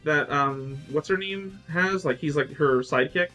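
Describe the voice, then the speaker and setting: A man with a fairly high voice chatting casually on a podcast. He rambles with plenty of fillers and jumps into playful quoted voices. Faint music plays underneath. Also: moderate pace. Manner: excited rambling with many fillers, acts out quotes. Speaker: podcast co-host. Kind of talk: casual chat.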